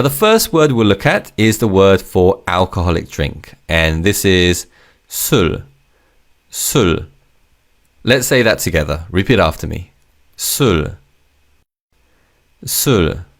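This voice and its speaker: Male teacher, low voice, animated delivery, patient and encouraging, repeats words for practice. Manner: patient, repeats each word twice, praises the learner. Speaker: language teacher. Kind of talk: scripted vocabulary lesson.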